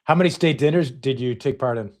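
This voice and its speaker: A man's voice: mid-range voice, a little fast. Man asking short questions from off-mic. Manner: brief upbeat reactions and short questions. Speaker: interview host. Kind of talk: casual interview.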